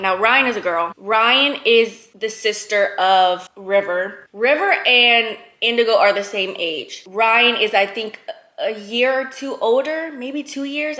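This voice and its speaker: A woman book vlogger talks through her reading in a loose, expressive ramble. Her voice is bright and slightly high. The phone recording is dry and close. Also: no room sound. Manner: chatty and expressive, rambling asides. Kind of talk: casual reading vlog chat.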